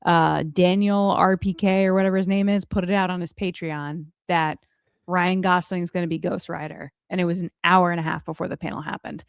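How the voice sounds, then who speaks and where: Chatty woman podcast host, low voice. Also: fairly even intonation, fairly quick, vocal fry, clean tone, dry recording, studio quality. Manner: chatty, leads the discussion with asides. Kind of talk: casual podcast chat.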